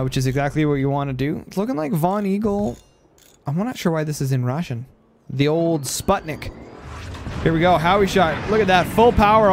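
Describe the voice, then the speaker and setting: With a voice that's a little high and faintly stuffy from post-nasal drip, this caster gives play-by-play commentary on a strategy game match. Big plays set him off into loud, excited exclamations, with slight background noise behind him.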